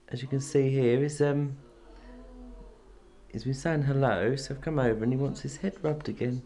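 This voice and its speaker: A woman filming her parrot at home, cooing to it in a sing-song baby-talk voice that jumps high, then chatting plainly to the camera. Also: moderate pace, pauses often, warm tone. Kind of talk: casual home video chat. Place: at home beside a bird cage.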